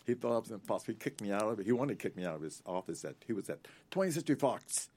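A man in his eighties, an actor telling rambling anecdotes in an interview, animated and laughing between stories. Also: fairly low pitch, very fast, a little hiss or hum. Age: 80s. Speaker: actor guest.

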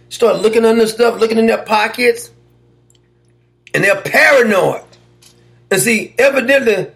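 A man's voice: high-pitched, gravelly, fairly bright tone. A man hosting a talk show, giving mocking, sarcastic political commentary and laughing at his own points.

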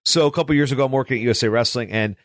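A man's voice: mid-range voice, rapid-fire, a bit bright, dry recording, studio quality. A man hosting a conversational interview, telling rambling stories in a chatty way. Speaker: podcast host.

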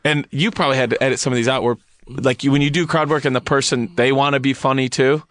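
A man's voice: mid-range voice, fast, no echo. A man hosting a casual comedic chat, reading a news story aloud with wry asides. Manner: animated, reads out posts with wry asides.

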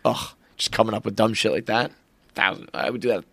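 A man's voice: on the low side, fairly even intonation, brisk, creaky, fairly bright tone, no echo. A man, young adult, hosting a casual chat and telling a rambling, swearing story. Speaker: podcast host.

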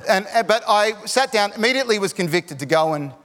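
Animated middle-aged Australian preacher, echoey hall. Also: male voice, sits high, quick pace. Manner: animated, jokey, rising to shouts at climaxes. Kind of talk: sermon with storytelling.

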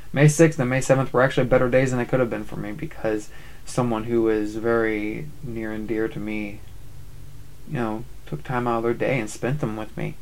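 A man in his thirties hosting a podcast, speaking in a halting, reflective way that trails off. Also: mid-range voice, creaky, a little hiss or hum. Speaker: podcast host. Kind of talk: casual podcast intro.

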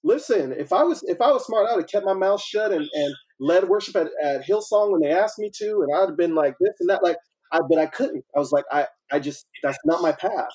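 An earnest man speaks as a podcast guest, his voice dark and mellow with a husky edge. He talks in an animated, conversational way and laughs often. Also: high-pitched, fairly quick, low-quality recording. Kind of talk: casual conversation.

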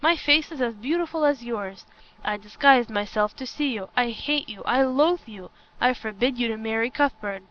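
Voicing a scheming, envious young woman from a storybook who flares quickly into shrill fury, a woman narrator speaks naturally in a fairly high register. The mood is furious, and the recording sounds dull and lo-fi.

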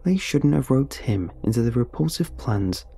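A man narrating a first-person audiobook in a steady, dramatic storytelling manner. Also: mid-range voice, moderate pace, creaky, husky.

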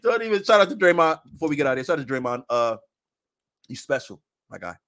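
Animated man talking basketball. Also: a little high, fast. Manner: animated, laughing, acts out quotes. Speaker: basketball podcast talker. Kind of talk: casual sports chat.

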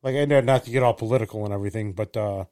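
A man's voice: lowish voice, rapid-fire, a crowd in the background. A man co-hosting a podcast, talking loosely and profanely, trailing off mid-sentence. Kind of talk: casual chat.

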